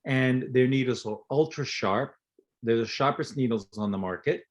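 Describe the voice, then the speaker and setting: In a lo-fi recording, an older dentist and lecturer speaks at medium pitch and a moderate pace during a storytelling interview. He mixes anecdotes with explanations of technique, performing the quoted dialogue of the people involved.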